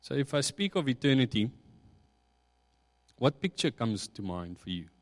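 Male pastor, mid voice, measured reflective sermon delivery, long reverb of a large hall. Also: medium pitch, big pitch swings. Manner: slow, reflective preaching with rising emphasis.

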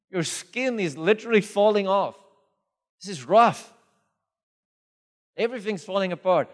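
Preacher in a reverberant hall. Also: male voice, sits high, takes it slowly, pauses often. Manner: animated storytelling, acts out dialogue. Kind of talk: sermon.

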